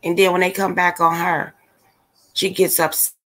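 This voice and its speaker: A woman with a somewhat low voice rants casually to her livestream audience. She is blunt and exasperated, and she speaks straight to the people watching. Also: flat delivery, normal speed, fairly bright tone. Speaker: livestream commentator. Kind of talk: casual ranting commentary.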